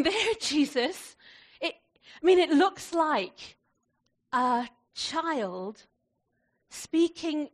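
A female pastor with a high voice preaches warmly and conversationally, often laughing, and slows her delivery when reciting prayer.

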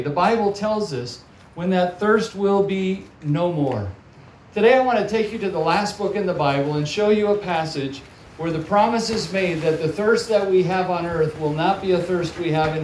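Guest preacher, man, slightly high voice, distant mic in a roomy hall. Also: slight background noise. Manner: warm storytelling, animated in acted quotes. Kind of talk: sermon. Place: large hall or church, audience present. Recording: echoey hall, picked up from far off.

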